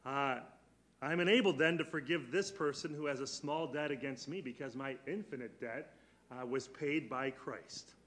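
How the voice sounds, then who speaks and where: A man teaching a church Bible class, earnest, putting questions to his students and slowing down on key words. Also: mid-range voice, fairly bright tone.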